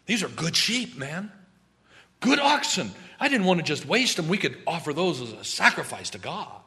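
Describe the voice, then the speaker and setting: A grown king caught out and stammering excuses, his voice pushed high and bright as he pleads. A preacher puts him on in a sermon. The words come out broken and anxious. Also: big pitch swings, moderate pace. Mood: wheedling. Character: King Saul, a grown man making nervous excuses.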